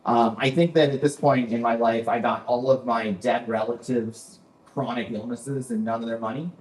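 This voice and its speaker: A man's voice: mid-range voice, steady tone, normal speed, a little mellow. A man in his forties doing a dry stand-up set, often repeating "that's right" after a punchline. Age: 40s. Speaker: stand-up comedian. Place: basement comedy club. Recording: echoey club room.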